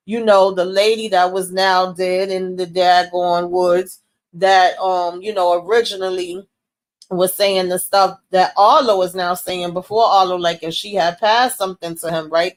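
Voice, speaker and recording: Speaking at a measured pace in a voice on the low side, a woman gives a casual recap of a TV episode. She's slangy, profane, and animated, frequently performing the characters' lines.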